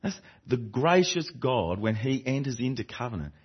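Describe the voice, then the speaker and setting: A man's voice: mid-range voice, big pitch swings, moderate pace, breathy edge. A man preaching a sermon to a congregation, earnest and emphatic, often repeating and restarting phrases. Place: church before a congregation. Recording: dull lo-fi recording.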